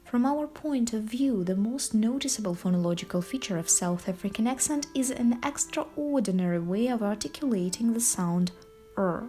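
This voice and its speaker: A woman's voice: on the high side, normal speed, mellow. A woman student reading a prepared class presentation in a careful, explanatory way.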